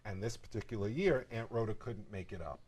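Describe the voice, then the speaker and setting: A middle-aged man telling family stories in a casual chat, animated, jumping into voices for other people. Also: on the low side, brisk. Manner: animated, jumps into voices for characters. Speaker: storyteller in a family conversation. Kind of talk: casual storytelling.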